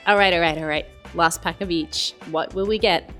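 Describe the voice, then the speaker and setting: A woman's voice: lowish voice, steady tone, normal speed, fairly bright tone, soft background music. Australian woman chatting over card packs. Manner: chatty, musing, rates cards as she opens. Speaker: YouTube card-opening host. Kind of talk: casual pack-opening chat.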